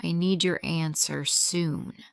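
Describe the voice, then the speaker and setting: Stern thirties husband, woman reading, blunt, low and slow. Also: steady tone, creaky, smooth, no echo. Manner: blunt, demanding.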